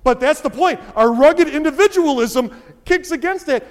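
A male pastor preaching a sermon in an animated way, repeating key phrases for emphasis. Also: very high-pitched, brisk. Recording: long hall reverb.

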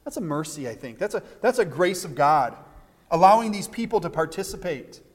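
High-voiced preacher in a reverberant hall. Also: male voice, a little fast. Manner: animated preaching with many restarts and acted-out quotes. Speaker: pastor. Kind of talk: sermon.

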